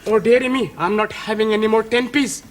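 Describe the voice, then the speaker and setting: Man doing excitable foreign student, odd grammar, very high pitch, faint noise. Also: a little fast, natural voice. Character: eager gambling male foreign student.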